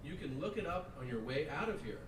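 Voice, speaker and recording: Brief: brash man doing stand-up, high animated voice, echoey stage sound taken from afar. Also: fast talker, recorded from a distance, crowd noise. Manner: brash, mock-outraged, swears freely. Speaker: stand-up comedian. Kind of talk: stand-up comedy set. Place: stage before a live audience.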